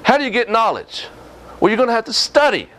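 A man's voice: very high-pitched, sing-song, a little fast, a bit bright. A male preacher, preaching a sermon in a folksy, scolding way and often asking the congregation questions.

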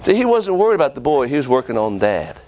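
A man preaching a sermon with impassioned delivery, often jumping up and down in pitch for emphasis. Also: sing-song, fast, darkish tone.

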